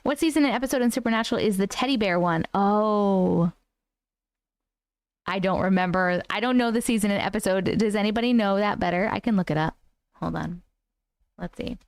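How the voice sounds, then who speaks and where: A woman's voice: medium pitch, fairly quick, dry recording. A woman hosting a live stream, greeting her chat viewers one by one in a bubbly, playful way. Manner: bubbly, playful, trying silly accents. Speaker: host of a live stream reading weird stories.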